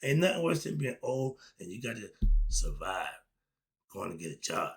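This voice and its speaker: An older man talking casually and emphatically in a monologue, with laughing asides, swinging between loud and soft. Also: lowish voice, very animated, normal speed, creaky, breathy edge. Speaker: commentator.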